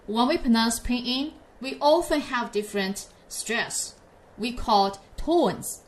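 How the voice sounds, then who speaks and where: Slow, patient woman teaching pinyin. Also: a little high, expressive. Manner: slow, patient, drawn-out model syllables for repetition. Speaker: Chinese teacher. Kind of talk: pinyin lesson for learners.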